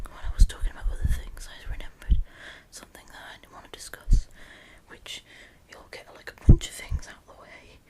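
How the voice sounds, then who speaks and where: A woman, whispering a discussion vlog close to the microphone at home late at night, rambling with frequent restarts. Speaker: YouTuber.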